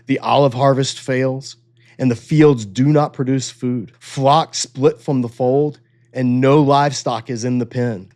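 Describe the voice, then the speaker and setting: A man teaching a Bible study, earnest and emphatic, slowing down to read scripture aloud and stressing key phrases. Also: medium pitch, a little mellow.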